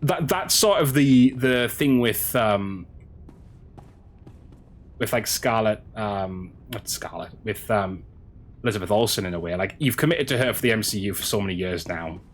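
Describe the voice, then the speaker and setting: Male game streamer, lowish voice, loose and halting with lots of restarts, quiet hum behind. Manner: halting, chatty, many restarts, answering chat. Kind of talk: casual stream chat while gaming.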